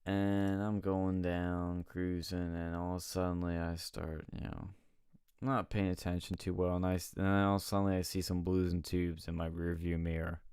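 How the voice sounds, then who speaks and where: A young man chatting casually as a podcast co-host, telling animated anecdotes and often laughing. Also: deep voice, normal speed, smooth, dry recording, studio quality. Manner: animated anecdote teller, quotes people in voices, laughs often. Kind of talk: casual storytelling chat.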